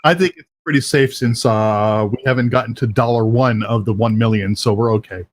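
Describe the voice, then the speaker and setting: A man hosts a live talk show in a loose, jokey way. He laughs often and rambles through restarts at a middling pitch. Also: a little fast. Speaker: host. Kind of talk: casual chat. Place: South Florida.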